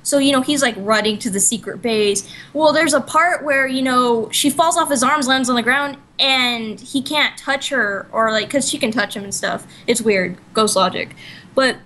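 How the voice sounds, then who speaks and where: A woman's voice: sits high, moderate pace, pushed and bright, a little hiss or hum, low-quality recording. A woman co-hosting a casual podcast chat, retelling a story in a rambling way full of "like" and "you know", often correcting herself mid-sentence. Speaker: podcast co-host.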